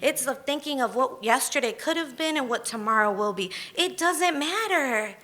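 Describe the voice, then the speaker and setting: A woman's voice: high-pitched, expressive, normal speed, sharp tone. A woman in her thirties telling a candid personal story on stage at a live storytelling event, emphatic and conversational.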